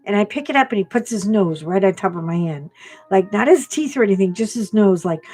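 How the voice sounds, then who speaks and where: A woman's voice: mid-range voice, fast talker, darkish tone, soft background music. A middle-aged woman hosting a coloring channel, chatting and telling a family story with laughs while she colors. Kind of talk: casual chat while coloring.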